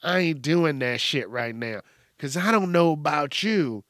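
A man rants on his own podcast, cursing freely and talking bluntly. His voice sits a bit high for a man and he takes his time. The sound is dry and close, with no room echo. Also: expressive, measured pace, a bit bright. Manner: blunt, heavy cursing, ranting. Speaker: podcast host. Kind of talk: casual profane rant.

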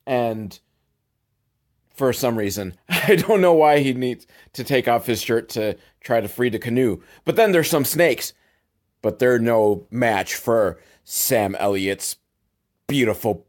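A man hosting a sarcastic comedic movie recap, with wry, deadpan asides, casual swearing and chuckles. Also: mid-range voice, slow pace. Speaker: show host recapping a film.

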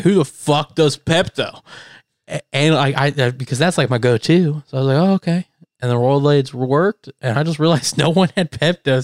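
A man's voice: mid-range voice, no room sound, studio quality. A young man co-hosting a podcast, telling rambling stories with lots of laughter and swearing. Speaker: podcast co-host. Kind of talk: casual chat.

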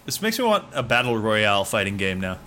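A man's voice: on the low side, big pitch swings, brisk, bright, forceful tone, slight background noise. A man co-hosting a casual gaming podcast, rambling with many restarts and frequent laughter, with a slightly nasal voice. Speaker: podcast co-host. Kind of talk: casual chat.

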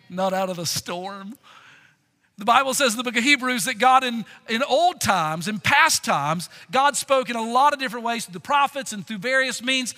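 A man preaching a sermon in an earnest, expressive way, stopping often to ask his listeners rhetorical questions. His voice sits very high and sounds sharply bright. The sound carries the long reverb of a large church sanctuary. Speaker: pastor.

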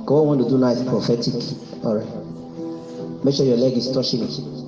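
A man's voice: mid-range voice, fairly even intonation, normal speed. A man pastor leading prayer at a service, fervent and repetitive, giving commands in prayer. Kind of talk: sermon and prayer at a live service. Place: church service, speaking online too. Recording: muffled, roomy recording with music behind.

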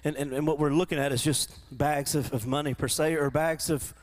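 A man preaching a sermon to his church, often repeating and restarting words, and rising into animated quoted voices. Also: on the high side, fairly quick. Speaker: pastor. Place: church in front of a congregation.

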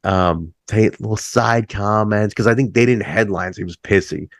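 Low-voiced laid-back rocker man. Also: normal speed, no room sound, studio quality. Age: middle-aged. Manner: laid-back, swears freely, says "like" often, jumps high when acting out stories. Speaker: band musician, interview guest. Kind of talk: casual storytelling chat.

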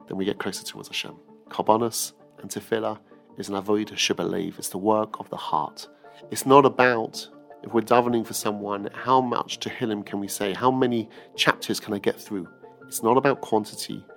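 Gravelly man giving a Torah talk. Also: lowish voice, a bit bright. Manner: earnest storytelling, acts out the quotes. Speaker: rabbi teacher.

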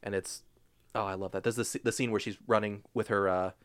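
A young man with a fairly low voice hosts a casual movie podcast. He talks with eager enthusiasm and drops curse words freely as he runs the conversation. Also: fast, smooth. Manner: animated, enthusiastic, swears freely. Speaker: podcast host. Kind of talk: casual chat.

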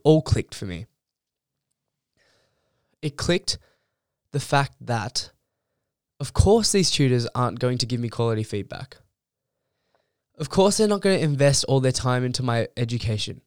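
A man's voice: medium pitch, sing-song, unhurried, long pauses, smooth, no echo, clean studio sound. A young man, a university student, ranting bluntly and heatedly in a casual monologue, swearing freely. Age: young adult.

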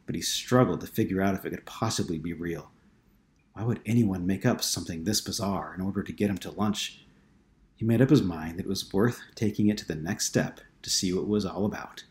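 A man reads a novel aloud in a steady, measured storytelling voice. His voice sits on the low side. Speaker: narrator. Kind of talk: audiobook narration.

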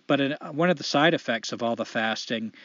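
A man's voice: medium pitch, fairly quick, dry recording, highs cut off. A man hosting a casual podcast chat, telling stories and jokes with lots of laughter. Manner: animated storyteller, joking and laughing. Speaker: podcast host.

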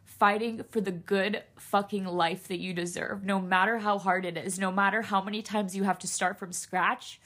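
A woman's voice: mid-range voice, fairly even intonation, normal speed, fairly bright tone. A young woman hosting a solo podcast, speaking earnestly and emotionally straight to her listeners, near tears. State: tearful. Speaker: podcast host.

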